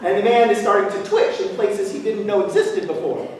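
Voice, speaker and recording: A man's voice: high-pitched, brisk. A man tells a story as a lighthearted sermon, full of jokes and asides. He is recorded from across a large church sanctuary, so his voice rings with a long echo and a faint hum of the room. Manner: playful, jokey storyteller. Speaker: guest speaker at interfaith service. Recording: echoey hall from far off.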